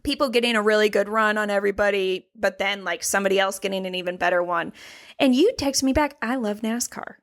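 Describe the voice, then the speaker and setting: A woman co-hosting a racing podcast in casual chat, animated and laughing often, with frequent swearing. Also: medium pitch, fast talker. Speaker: podcast co-host.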